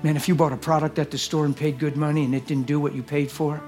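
A man preaching a sermon and leading prayer, earnest, moving between hushed whispers and loud exclamations. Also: fairly high pitch, little pitch movement, quick pace, faint music behind. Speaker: guest preacher. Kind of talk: sermon with altar call and prayer. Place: church service.

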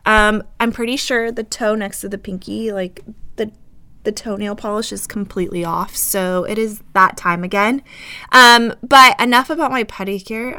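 A woman's voice: mid-range voice, pushed and bright, clean tone. Upbeat woman host with a scratchy throat. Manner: chatty, upbeat, uses fillers like "um" and "like". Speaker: podcast host; dental professional. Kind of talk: casual podcast chat.

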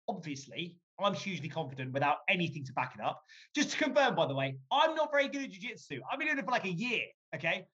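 A man speaking as a guest, telling a story in a lively, joking way and swearing casually. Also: high-pitched, fast, muffled recording.

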